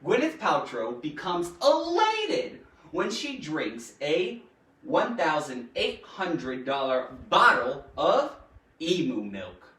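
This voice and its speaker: A woman's voice: sits low, huge pitch swings, slow pace, fairly bright tone, far from the mic. A woman hosting a playful live grammar lesson, giggly and jokey, talking straight to her viewers. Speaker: grammar teacher and show host. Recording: echoey room, voice off-mic.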